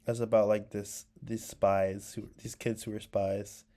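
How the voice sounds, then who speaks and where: A man's voice: fairly low pitch, level tone, a little slow, warm tone. A young man with a sore throat chatting casually while he paints, rambling and nostalgic, with many fillers. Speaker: vlogger.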